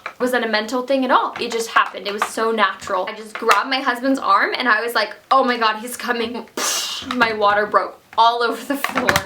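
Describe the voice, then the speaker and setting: A woman's voice: a little high, background noise. A young woman casually telling a personal story at home, chatty with many fillers. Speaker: vlogger. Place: home room.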